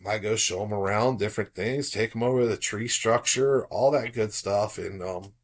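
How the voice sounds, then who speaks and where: Middle-aged man from South Florida, podcast guest, relaxed storyteller who gets animated when quoting others. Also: on the low side, normal speed. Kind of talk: casual storytelling.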